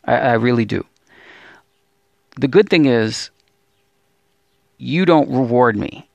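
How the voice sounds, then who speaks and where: A man's voice: medium pitch, animated, takes it slowly, gravelly, no room sound, dull audio. A man hosting a religious video channel, speaking in a discouraged, pleading monologue full of stammered restarts and repeated appeals. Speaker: Bible teacher and channel host. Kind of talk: emotional religious vlog monologue.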